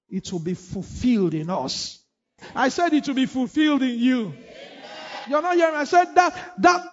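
A man with a high voice preaches a sermon in a church, repeating phrases and pressing the congregation to answer him. He swings between quiet stretches and shouts. The recording is dull and lo-fi. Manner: repetitive, call-and-response, rising to shouts. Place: church hall.

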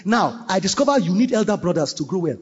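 A man preaching a sermon, animated, mimicking church members and breaking into shouts. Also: high voice, quick pace, breathy edge. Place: church hall. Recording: dull recording with long hall reverb.

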